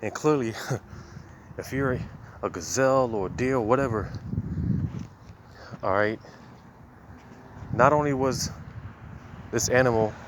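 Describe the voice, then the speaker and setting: A man's voice: medium pitch, unhurried, long pauses, noisy background. A man preaching casually outdoors while walking, a little out of breath, in a loose conversational way full of fillers.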